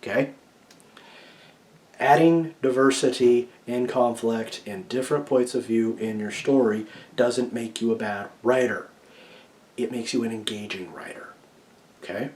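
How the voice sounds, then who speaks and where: A man giving casual, opinionated writing advice to camera, keeps checking in with "okay?", swinging between loud emphasis and quiet asides. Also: medium pitch, unhurried, long pauses.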